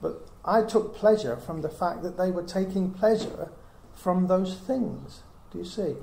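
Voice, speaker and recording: In an echoey room with faint hiss, a middle-aged man delivers an earnest Bible teaching to a small group, thinking aloud through many rhetorical questions. His high voice has lively intonation, vocal fry, and a dark tone, and he speaks a little slowly.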